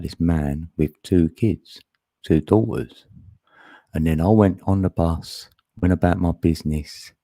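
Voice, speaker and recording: A man's voice: low voice, dark tone, no echo. A man chatting casually on a live stream, laughing often and greeting viewers by name.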